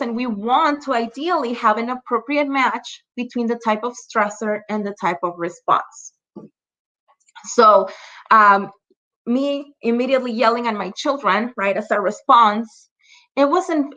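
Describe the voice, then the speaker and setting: A woman's voice: fairly high pitch, sharp tone. Chatty woman trainer on muffled webinar audio. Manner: chatty, checks in with frequent "right?" and "you know"; laughs lightly between examples. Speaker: trainer leading a parent workshop. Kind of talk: conversational online training talk.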